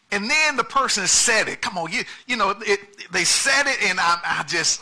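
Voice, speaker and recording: A pastor preaching a lively sermon, shifting from quiet asides to loud, emphatic calls. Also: male voice, sits high, moderate pace, few pauses.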